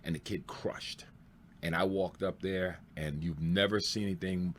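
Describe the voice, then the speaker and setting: A man, a stand-up comedian, telling road stories in a loose, excitable way, laughing and swearing as he goes. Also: low voice, moderate pace. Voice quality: excitable, swears freely, laughs through punchlines. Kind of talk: animated storytelling.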